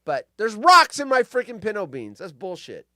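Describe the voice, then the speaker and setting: A man's voice: sits high, huge pitch swings, moderate pace, pushed and bright, no echo, studio quality. A man in his fifties, a podcast host telling stories in a casual, profane rant and mocking people with put-on voices. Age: 50s.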